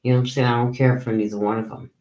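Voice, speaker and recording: A tired man rants on his own commentary channel, swearing and sounding disbelieving. His voice sits at a middle pitch and carries an echo from the room around him. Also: rapid-fire, dull audio. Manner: animated, profane, incredulous ranting. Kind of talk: casual ranting commentary.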